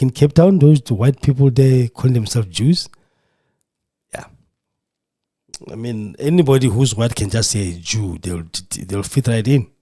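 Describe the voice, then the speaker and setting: A man's voice: mid-range voice, dark tone. A man hosting a podcast, speaking in an impassioned, emotional monologue with a preacher's fervor. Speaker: podcast host. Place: radio studio.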